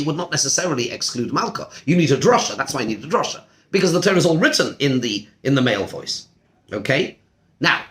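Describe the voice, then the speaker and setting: A man teaching a Torah class as a rabbi, animated and full of rhetorical questions. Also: a little high, reverberant. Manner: animated, uses Hebrew terms, asks rhetorical questions. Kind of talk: lively Torah lesson.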